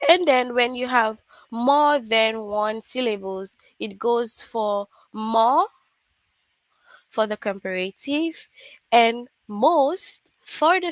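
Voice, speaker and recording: A woman teaching an online English class, patient and repeating examples slowly. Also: fairly high pitch, dry recording.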